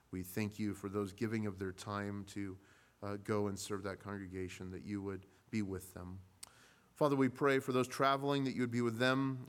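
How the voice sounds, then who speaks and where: A man leading a congregational prayer in church, speaking haltingly with frequent pauses. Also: on the low side. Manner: halting, with many pauses and fillers. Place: church sanctuary.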